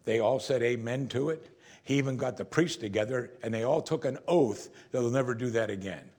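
A man preaching a sermon as a pastor, earnest, often dropping to a soft voice for quoted words. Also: mid-range voice, fairly quick.

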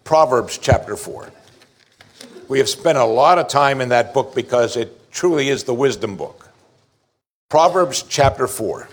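A middle-aged man preaches with an earnest, steady voice that sits in an ordinary male pitch range. He leans hard on key words and slows right down to drive a point home, the way a pastor does in front of his congregation. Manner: earnest preaching with slow emphatic stresses. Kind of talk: sermon.

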